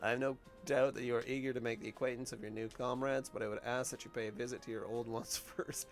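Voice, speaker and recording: A man voicing a composed young woman leader, gentle, polite and measured, with game music behind. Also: medium pitch, fairly even intonation, natural voice.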